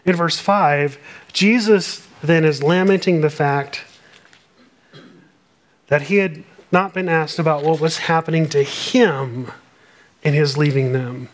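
A man's voice: on the high side, fairly even intonation, slow pace, pauses often. A man preaching a sermon, explaining scripture verse by verse and reading passages aloud in an earnest way. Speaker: pastor.

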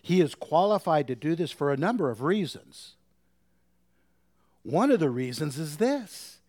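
A man preaching a sermon, asking the congregation rhetorical questions and swinging between forceful emphasis and hushed whispers. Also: on the high side, big pitch swings, unhurried, no room sound, clean studio sound. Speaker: pastor.

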